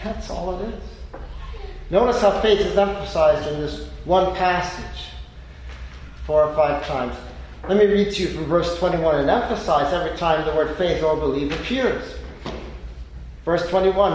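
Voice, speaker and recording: A man preaching a sermon in an emphatic, deliberate way with pauses. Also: on the high side, darkish tone, a little hiss or hum. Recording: echoey hall with long reverb.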